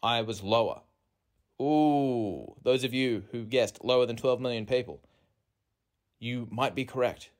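A man, hosting a podcast as a rambling comic monologue, self-mocking and meandering, recorded on a phone in a rented apartment. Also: unhurried. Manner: self-mocking, meandering, with sudden jumps in pitch. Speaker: podcast host.

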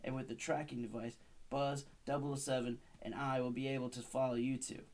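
A man's voice: medium pitch, little pitch movement, brisk, darkish tone, close to an everyday voice. A man reading as a scheming monkey leader. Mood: planning. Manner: read-aloud dialogue, lightly voiced. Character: male cartoonish monkey team leader, scheming.

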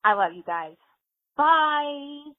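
A woman's voice: sits high, animated, slow, dry recording, phone-quality sound. A woman leaving a bubbly, effusive voicemail message for podcast hosts. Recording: dry phone voicemail line.

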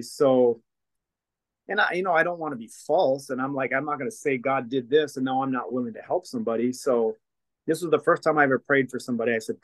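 A man, a guest in a conversation, telling a personal story in a lively way and acting out the dialogue of the people in it. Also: medium pitch, no echo, rough recording. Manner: lively storyteller who acts out quoted dialogue. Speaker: guest, deliverance minister and former counselor. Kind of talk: storytelling testimony in casual conversation.

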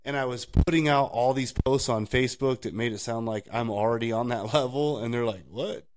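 A man's voice: mid-range voice, fairly quick, slight background noise. A man co-hosting a casual faith podcast, rambling through personal stories and laughing often. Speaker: podcast co-host.

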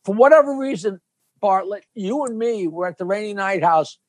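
An older male comedian tells swearing-heavy stories with lots of energy. His voice is quite high, and the sound is dry and close. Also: moderate pace, dry recording. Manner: animated, profane, dramatic storyteller. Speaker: guest comedian. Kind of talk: casual storytelling chat.

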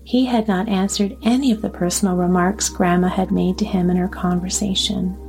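A woman narrating a storybook in a calm, even way. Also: mid-range voice, a little fast, soft background music. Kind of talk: storybook reading.

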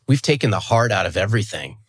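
Brief: fifties man, very low husky voice, earnest, emphatic guest. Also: animated, fast. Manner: earnest, emphatic, repeats words as he restarts. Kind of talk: conversational interview.

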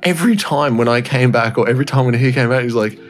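A man's voice: medium pitch, quick pace, soft background music. A man co-hosting a podcast, telling a story in casual chat, laughing often and swearing freely. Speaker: podcast co-host.

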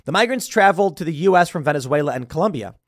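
A man's voice: a little high, animated, very fast, no echo. Brief: man, podcast host, sarcastic news commentary, dry recording. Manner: sarcastic, stumbles over words. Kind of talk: political commentary, reading news aloud.

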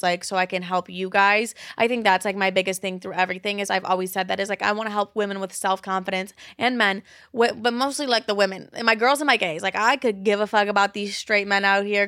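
A woman's voice: mid-range voice, a bit bright, no echo, clean studio sound. A young adult woman hosting her own podcast, talking candidly and casually with lots of "like" and frequent swearing. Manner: candid, swears a lot, chatty filler "like". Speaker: podcast host. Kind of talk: casual solo podcast chat.

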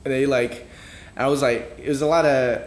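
A man's voice: medium pitch, steady tone, normal speed, a little hiss or hum. A young man co-hosting a casual podcast, telling a personal story in a laid-back, slang-heavy way. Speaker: podcast co-host. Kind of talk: casual chat.

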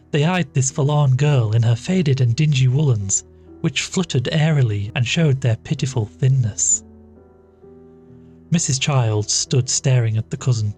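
A man reading a classic story aloud as storyteller, in a measured, steady manner. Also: mid-range voice. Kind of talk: scripted narration of a classic story. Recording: faint background music.

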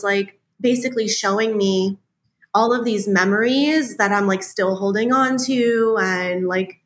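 A woman talking as a podcast guest in a relaxed chat, full of fillers and acting out the things she said in her head. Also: medium pitch. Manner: chatty, many fillers, acts out her own inner dialogue. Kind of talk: casual storytelling interview.

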